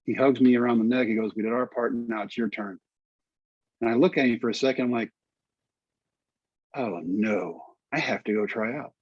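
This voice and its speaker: A middle-aged man from Texas tells a long personal story, slipping into the voices of the people he quotes. His voice is a bit husky at a middle pitch. The recording is dry and somewhat dull. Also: quick pace, dry recording. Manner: animated storyteller acting out dialogue. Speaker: guest storyteller. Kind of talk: storytelling in conversation.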